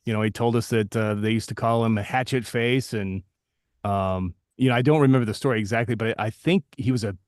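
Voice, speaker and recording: A man's voice: fairly low pitch, a little fast, dry recording, studio quality. A man hosting a live stream, telling rambling anecdotes full of restarts and self-deprecating asides. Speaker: host. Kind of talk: casual storytelling on a live stream.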